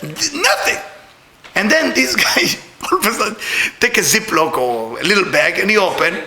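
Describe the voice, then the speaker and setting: A man's voice: high-pitched, big pitch swings, moderate pace, sharp tone, roomy sound, slight background noise. A middle-aged man teaching a Kabbalah class, telling a story with laughter and repeated words.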